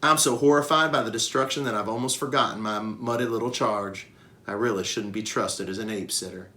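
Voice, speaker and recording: A man reading a children's novel aloud with expressive narration. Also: fairly low pitch, brisk. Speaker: reader. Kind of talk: storybook read-aloud.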